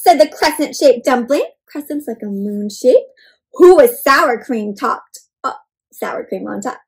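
Lady reading a picture book to kids, asks them questions, animated, breathy. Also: high-pitched, moderate pace. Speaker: children's storyteller. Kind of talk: interactive read-aloud for kids.

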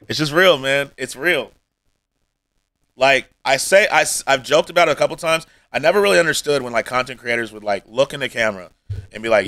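A man streaming live, talking to his viewers in a rambling, heartfelt way. He is emotional and close to tears, and his voice often sinks almost to a mumble. The sound is dry and close, and his pitch sits in a plain middle range. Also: expressive, a little fast, fairly bright tone, dry recording, rough recording. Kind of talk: emotional livestream chat. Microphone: streaming mic.

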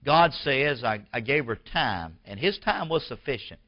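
Man, pastor, sermon, emphatic swelling delivery, mid pitch, muffled lo-fi audio. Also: sing-song, unhurried. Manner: emphatic preaching that swells louder and higher; asks the congregation questions.

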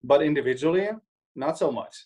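A man's voice: a little high, brisk, darkish tone, slightly rough, rough recording. A man co-hosting a casual discussion, thinking aloud with many restarts and acting out imagined quotes. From Germany. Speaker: co-host.

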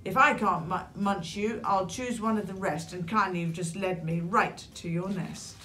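A woman's voice: mid-range voice, fairly even intonation, normal speed, fairly bright tone, close to an everyday voice. A woman voicing a sly, greedy male fox who giggles and sneers at his prey in a storybook. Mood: menacing. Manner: gleeful, sneering, teasing.

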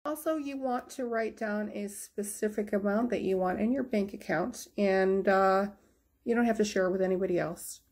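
A woman's voice: mid-range voice, normal speed, a little mellow. A middle-aged woman talking casually to her viewers as a beauty vlogger, upbeat and chatty with lots of ums and likes. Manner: chatty, upbeat, many fillers. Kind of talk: casual vlog chat.

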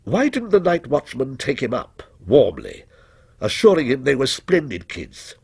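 A man narrating a ghost story in a measured, expressive storytelling manner. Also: medium pitch, creaky, slightly rough, dry recording. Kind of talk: scripted ghost story reading.

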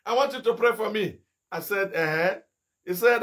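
A middle-aged Nigerian evangelist preaches with fire in a high, ringing voice that is bright and piercing. He fires off rhetorical questions and sudden shouted rebukes, swinging between scolding and exhortation. His pace is moderate, broken by long pauses.

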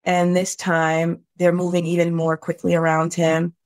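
A middle-aged woman, a podcast guest, telling a painful personal story in an earnest, heartfelt way, halting at the hardest moments. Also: lowish voice, completely flat delivery, dry recording.

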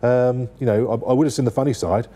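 A man chatting casually through the day's papers, warm and mellow in tone. He rambles, restarting sentences and leaning on fillers as he talks. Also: mid-range voice, steady tone, quick pace, husky. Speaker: newspaper review guest. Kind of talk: casual chat.

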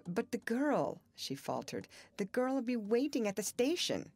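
A gentle, sad young woman, voiced by a female narrator in an audiobook. She speaks softly and hesitantly, with a tender reticence. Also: lowish voice, expressive, unhurried.

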